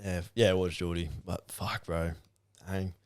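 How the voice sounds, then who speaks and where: A man's voice: low voice, level tone, moderate pace, smooth, dry recording, clean studio sound. A young Australian man hosting a podcast, jokey and swearing, laughing often. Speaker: podcast host. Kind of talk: casual chat.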